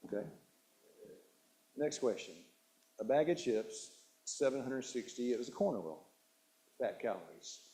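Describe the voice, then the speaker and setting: With long pauses and a measured pace, this health seminar presenter speaks in an animated, warm, medium-pitched voice. His church hall nutrition talk quizzes the audience, repeats key words, and often restarts sentences.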